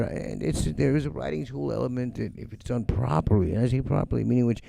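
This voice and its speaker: A middle-aged host of a home-studio music livestream rants casually, profane, blunt and animated, mocking people in quoted voices. He talks fast at a medium pitch with vocal fry and hardly pauses.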